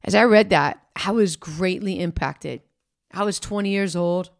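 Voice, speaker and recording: A woman's voice: lowish voice, a little slow, vocal fry. A woman hosting a devotional podcast, telling a story in a conversational way with fillers and restarts, and acting out the people she quotes.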